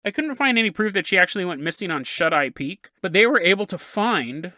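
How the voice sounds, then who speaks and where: A man's voice: high-pitched, animated, fairly quick, bright, forceful tone, no room sound, studio quality. A man hosting a podcast, telling a story in a casual, jokey, rambling way and laughing at his own asides. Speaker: podcast host.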